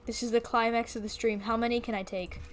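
A woman's voice: fairly high pitch, steady tone, fast talker, slight background noise. A young woman giving playful, chatty commentary while streaming a video game, often exclaiming and talking to the creatures on screen.

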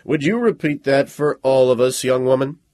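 A stern, pompous officer barking orders at a lecture hall, as an audiobook reader puts him on. His voice is husky and dry, with a wide, swinging pitch. He talks brusquely and expects obedience. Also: big pitch swings, unhurried. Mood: stern, commanding. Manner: brusque, commanding.

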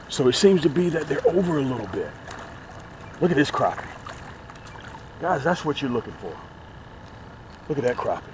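A man hosting a casual fishing vlog, talking straight to his viewers as "guys", getting excited over each catch and promoting his own gear. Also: mid-range voice, moderate pace, long pauses, background noise. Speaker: fishing vlogger. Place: on a boat outdoors, later in his office.

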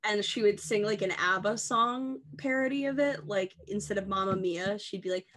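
A woman's voice: medium pitch, moderate pace, a bit bright. A woman in her twenties co-hosting a podcast, chatting casually and rambling playfully through goofy tangents. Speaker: podcast co-host. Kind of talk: casual comedic chat.

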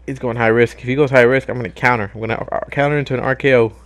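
Young guy gaming commentary, swears a lot, yells at the screen, normal mid voice. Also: mid-range voice, steady tone, racing. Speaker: gaming YouTuber. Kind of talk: casual gameplay commentary.

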